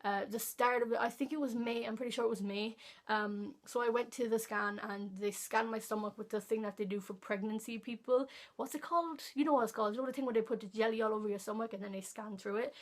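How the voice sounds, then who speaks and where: A woman's voice: a little high, fairly even intonation, quick pace. A teenage girl, rambling through a casual storytime vlog with many fillers and restarts. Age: teens. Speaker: vlogger.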